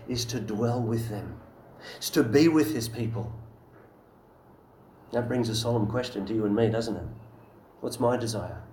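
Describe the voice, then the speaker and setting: A man's voice: medium pitch, a little mellow, roomy sound, slight background noise, poor audio. A man preaching a sermon in an earnest, emphatic way, often asking rhetorical questions.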